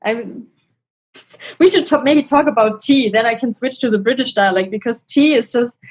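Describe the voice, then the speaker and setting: A woman's voice: on the high side, normal speed, breathy edge, poor audio. A woman, a podcast guest in casual chat who laughs often between her phrases.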